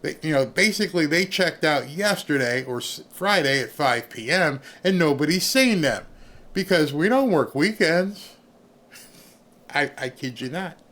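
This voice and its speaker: A man's voice: fairly high pitch, expressive, unhurried, a bit bright. A man, streaming an angry, sarcastic rant in reaction to news clips. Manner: angry, sarcastic, mocks others in put-on voices. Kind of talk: ranting reaction commentary.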